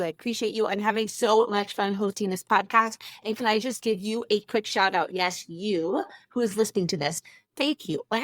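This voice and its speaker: An upbeat woman in her thirties hosts a motivational podcast, gushing with thanks and exclamations. Her voice sits at an everyday middle pitch. It is recorded dry and close, with no room sound. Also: no room sound. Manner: gushing, effusive, lots of "oh my gosh". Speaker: podcast host.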